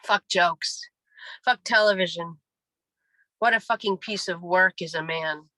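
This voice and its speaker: A woman in her forties reads her poems aloud with a wry, deadpan delivery. Her voice is bright and forward, recorded dry and close with little room sound. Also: on the low side, unhurried, dry recording, rough recording. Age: 40s. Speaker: poet. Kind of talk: poetry reading. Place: reading venue.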